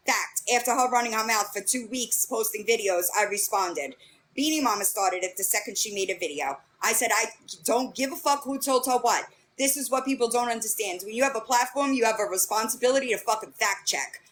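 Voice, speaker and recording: This livestream host is a young woman whose brisk, fairly bright voice sits on the high side, with a little background noise. Bluntly and profanely, she walks through an argument line by line in a casual rant.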